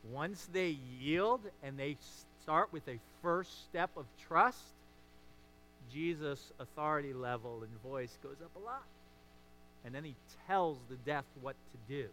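Male pastor, sermon, bright voice, a bit high, hushed to emphatic. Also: expressive, unhurried, a little hiss or hum.

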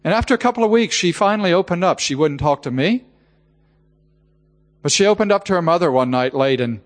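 A man's voice: high voice, animated, brisk, in a large hall. A man preaching a sermon, telling a heartfelt personal story and often repeating the word "just.".

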